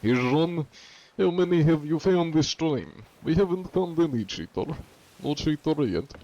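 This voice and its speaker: A man's voice: fairly high pitch, unhurried, lo-fi sound, voice pushed up. A young man putting on a burly mock-Russian guy. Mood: deadpan. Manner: broken-English deadpan boasting. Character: big burly sweaty Russian man, gruff. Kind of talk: comic put-on voice on a livestream.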